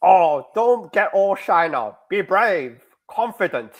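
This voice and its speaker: A man's voice: high-pitched, sing-song, takes it slowly, pitched above the performer's own voice, heavily acted. A man reading a breezy young woman who teases her friend and offers to play matchmaker. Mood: teasing.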